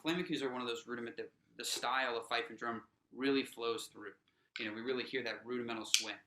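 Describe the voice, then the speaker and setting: Leading a drum workshop, a man with a bright, forward voice of middling pitch counts his players in and cheers them on in loose talk full of fillers like "um" and "you know" and frequent restarts. The room gives his voice a roomy echo, and there's a little hiss or hum.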